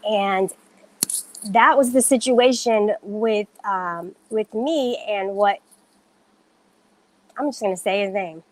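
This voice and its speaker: A woman's voice: medium pitch, takes it slowly, long pauses, a little hiss or hum. A woman on a casual livestream, talking straight to viewers in an indignant, defensive way, stressing her denials.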